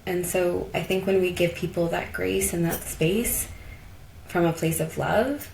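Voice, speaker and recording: In an echoey room with slight background noise, a woman from Colorado talks as a podcast guest, her voice fairly low, steady, measured, a little mellow, with vocal fry. Her casual personal stories come across reflective and heartfelt, with lots of "like" and "you know."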